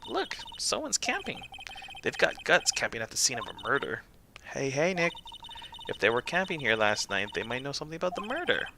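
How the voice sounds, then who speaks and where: A man voicing an excitable teenage girl sidekick in a game, bubbly and eager. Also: mid-range voice, brisk, gravelly, background noise.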